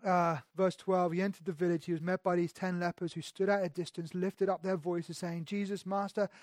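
A pastor with a fairly high voice preaches at a brisk clip, his delivery flat even as he swings between loud emphasis and hushed, intimate passages. He often restarts or repeats words. The audio is dry and close, free of room echo.

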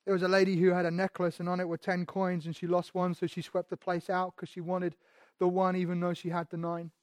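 Guy preaching a sermon, high voice, dry close sound, lots of repeats and rhetorical questions. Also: completely flat delivery, fairly quick, no echo. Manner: repeats phrases, asks rhetorical questions, swings from hushed to loud.

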